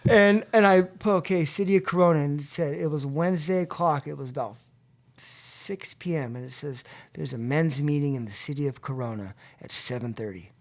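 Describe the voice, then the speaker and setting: At a convention venue, a young man speaking as a podcast guest tells the story of his addiction recovery, his voice a little high and his pace normal. He laughs often and acts out the voices of the people in his story.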